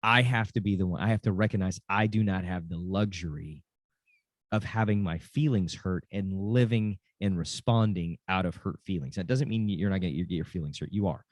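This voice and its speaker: A man's voice: low voice, normal speed, no echo. A middle-aged man, a dad and football coach, giving an earnest, casual talk on parenting, often repeating phrases and restarting sentences.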